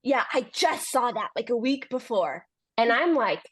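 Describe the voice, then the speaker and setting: A woman's voice: high-pitched, expressive, slow pace, a bit bright. A young adult woman, a podcast guest, telling a long story in casual chat, laughing often and acting out what people said.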